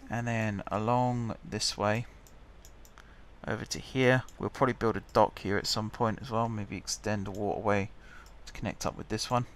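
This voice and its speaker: Guy muttering through a building game, lowish voice, faint room hum and clicks. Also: fairly even intonation, moderate pace. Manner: chatty, muttering to himself while building. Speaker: gaming channel host. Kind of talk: casual game commentary.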